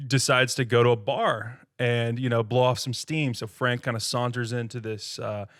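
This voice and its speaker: A man co-hosting a casual movie-review podcast, retelling scenes in an animated way and laughing often. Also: mid-range voice, moderate pace, no echo, studio quality. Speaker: podcast co-host.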